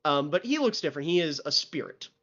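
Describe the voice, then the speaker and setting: A man with a fairly high voice narrates a tabletop role-playing game as game master. He is loose and casual, with lots of fillers. The stream audio sounds muffled and lo-fi. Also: very animated, fast, a bit bright.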